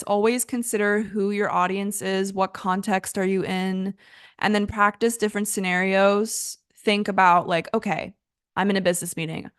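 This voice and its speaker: A young woman teaches an English lesson in an easygoing, chatty way, often laughing at her own mistakes. Her voice sits at an ordinary middle pitch. It is recorded close and dry, with no room echo. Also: smooth. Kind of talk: casual online English lesson.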